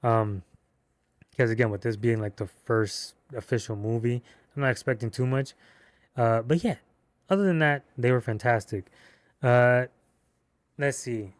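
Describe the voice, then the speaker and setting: A man giving a casual movie review, excitable and slangy, with cursing and rambling restarts. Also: mid-range voice, a little slow, pauses often, no echo.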